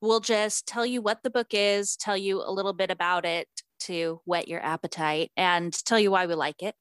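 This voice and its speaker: Chatty female co-host, casual and rambling, mid pitch, dry room. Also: steady tone, normal speed, a bit bright, clean tone, no room sound. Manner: chatty, uses fillers like um and like. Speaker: podcast co-host. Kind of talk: casual chat.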